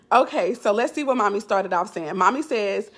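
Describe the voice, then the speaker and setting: A woman's voice: medium pitch, a bit bright. A woman life coach chatting casually on a live stream, candid and blunt in loose, slangy talk.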